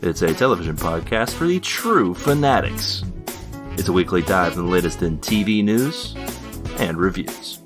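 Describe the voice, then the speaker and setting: A man's voice: low voice, lively intonation, normal speed, music in the background. A man hosting a podcast in casual chat, wry and hesitant with fillers. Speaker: podcast host.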